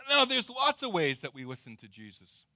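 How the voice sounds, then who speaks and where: A middle-aged man preaching a sermon, dramatic and swinging between loud emphasis and hushed, drawn-out words. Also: sits high, wildly swooping pitch, no room sound, clean studio sound. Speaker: pastor.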